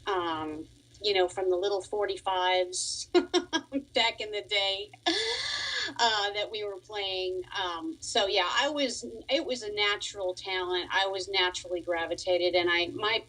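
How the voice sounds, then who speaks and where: On a rough recording, a woman's mid-range voice comes across with a measured pace and a sharp tone. She's a musician and piano teacher in her forties from Long Island, New York, chatting easily on a radio interview and often laughing through her story.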